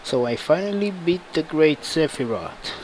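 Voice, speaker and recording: A man's voice: fairly high pitch, lively intonation, moderate pace, darkish tone, a little hiss or hum, close to an everyday voice, rough recording. A man voicing a tough young woman who leads the party, blunt and direct. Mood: determined.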